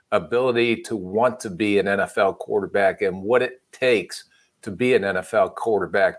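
Casting: male sports panelist, lower voice, joking, rambling delivery. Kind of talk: casual sports analysis.

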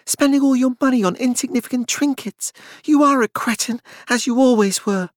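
A man's voice: a little high, normal speed, gravelly, dry recording, studio quality, pitched above the performer's own voice. A man voicing a frightened, scornful woman in an audiobook, hissing her words. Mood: contemptuous. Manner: hissing, contemptuous. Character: fearful, contemptuous woman, hissing and spitting.

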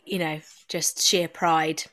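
A woman's voice: sits low, slow pace. Chatty middle-aged woman. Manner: warm, chatty, quotes herself in lively asides. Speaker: guest, stage actress. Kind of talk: casual interview chat.

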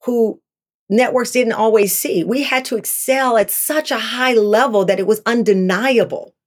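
A woman's voice: on the high side, normal speed. A woman in her fifties, a talk show host being interviewed, speaking candidly and animatedly, acting out past exchanges in a raised voice.

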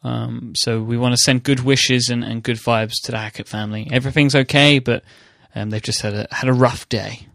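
Gravelly-voiced man hosting a podcast. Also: mid-range voice, fairly even intonation, moderate pace, few pauses, a bit bright, dry recording, clean studio sound. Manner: friendly, teasing. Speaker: podcast host. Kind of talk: casual chat.

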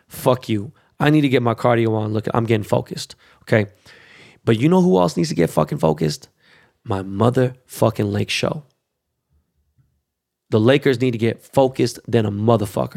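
A man's voice: medium pitch, normal speed, vocal fry, darkish tone. A middle-aged man talking in a casual, rambling monologue, swearing a lot and filling his talk with fillers. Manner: profane and emphatic, full of fillers. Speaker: vlogger.

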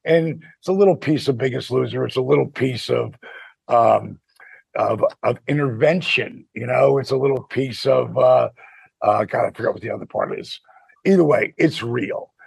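A man in his sixties co-hosting a podcast in casual chat, animated and quick to laugh. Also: mid-range voice, creaky, breathy edge, no echo. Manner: animated storyteller, laughs often. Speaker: podcast co-host.

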